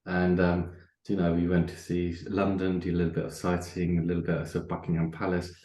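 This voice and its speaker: A man's voice: low-pitched, monotone, brisk, darkish tone, echoey room. A man with a German background, a guest talking in a friendly, chatty way with many fillers on a remote podcast call. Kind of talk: casual chat.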